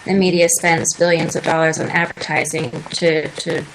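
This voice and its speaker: A woman's voice: deep voice, level tone, normal speed, noisy background. A woman in her twenties chatting earnestly as a guest on a radio talk show, telling her story at length. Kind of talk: casual interview chat. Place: radio studio.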